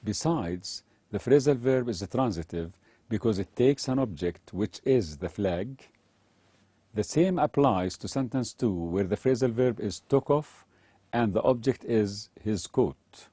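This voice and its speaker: A man teaching English grammar, reading a scripted lesson and example sentences aloud in a measured way. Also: fairly low pitch, expressive, dark tone, slightly rough, dry recording.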